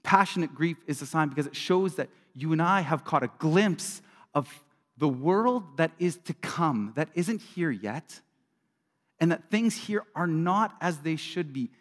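A middle-aged man preaching a sermon as a pastor, talking earnestly and conversationally, swinging between loud bursts and quiet drops. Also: fairly high pitch, animated, unhurried. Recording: long reverb of a large hall.

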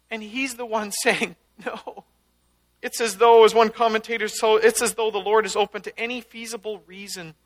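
A man's voice: high voice, bright, forceful tone. A man preaching a conversational sermon, teaching casually and breaking into emphatic outbursts. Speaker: pastor.

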